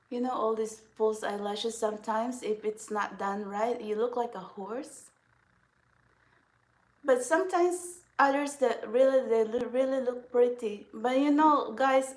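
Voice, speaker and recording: A woman chatting casually through a makeup vlog, rambling and giggling often as she talks. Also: on the high side. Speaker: vlogger. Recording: echoey room.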